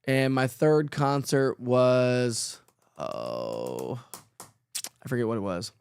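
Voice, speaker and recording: Speaking very slowly with vocal fry, this middle-aged man hosts a live weather stream and chats with viewers, reading their comments out and replying amid frequent fillers and laughter. His mid-range voice is animated, darkish, clear and resonant.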